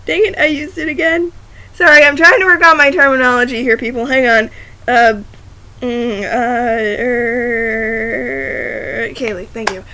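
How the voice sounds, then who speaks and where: A woman vlogs into her laptop camera microphone with slight background noise, her voice high-pitched and sharp at a moderate pace. Her chat is rambling and giggly, full of restarts for apologies.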